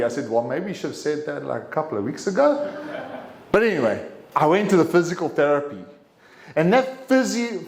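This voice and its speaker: A middle-aged man giving a prepared speech at a club meeting, telling a personal story and acting out what people said. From English-speaking country, living in Taiwan. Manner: animated storyteller, acts out quotes with sharp jumps in pitch. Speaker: club speaker. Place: meeting room. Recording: echoey meeting room.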